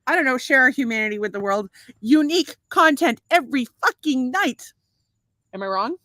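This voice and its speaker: Bright, animated bawdy woman. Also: sits high, a little fast, no room sound. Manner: bawdy, laughing, animated storytelling with swearing. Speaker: podcast co-host. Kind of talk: casual chat.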